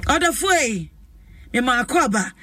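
A woman's voice: high voice, sing-song, measured pace, a bit bright, no room sound, far from the mic. A woman with a Ghanaian accent hosting a talk show, effusive and emphatic, stretching out her phrases. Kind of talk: lively talk show chat. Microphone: studio microphone.

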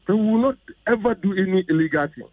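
A man's voice: high-pitched, fast talker, dry recording. An older Ghanaian man, a member of parliament, talking emphatically and repeating himself as a guest in a radio interview. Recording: dull, dry radio audio.

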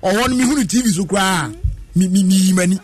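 A man's voice: sits high, fast talker. A man, telling a long story in a casual chat and laughing often as he goes.

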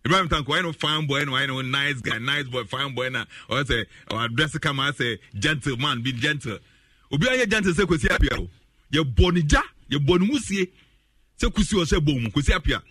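Ghanaian male football pundit; bright, sharp tone, husky edge, laughs and repeats lines for emphasis. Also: on the high side, animated, brisk, dry recording, studio quality. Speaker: football commentator. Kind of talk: animated sports talk in Twi and English.

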